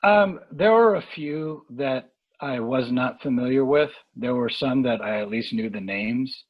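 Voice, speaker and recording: A man talking boxing in a casual podcast chat, rambling and halting with lots of fillers and restarts. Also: mid-range voice, dull audio. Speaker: boxing analyst guest.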